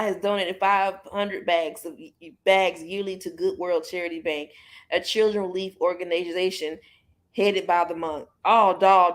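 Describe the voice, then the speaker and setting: A woman hosting a casual commentary chat, joking and laughing often. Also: on the low side. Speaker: host.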